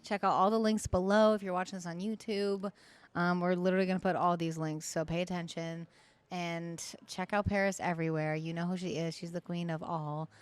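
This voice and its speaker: A woman hosting a podcast in casual chat, giggly and excitable, swearing now and then. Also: fairly low pitch, brisk, smooth. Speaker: podcast host.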